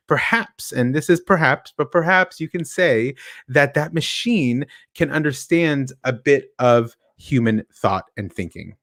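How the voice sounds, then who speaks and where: Lively man explaining tech examples. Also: medium pitch, no echo, clean studio sound. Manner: animated, works through examples with rhetorical questions. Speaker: speaker at a tech meetup. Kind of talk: explanatory technical talk.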